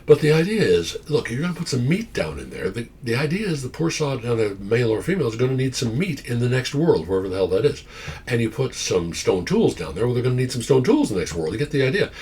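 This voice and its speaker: A man giving an informal psychology lecture, animated, with wry asides and frequent "okay?" check-ins. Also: mid-range voice, quick pace, slightly rough.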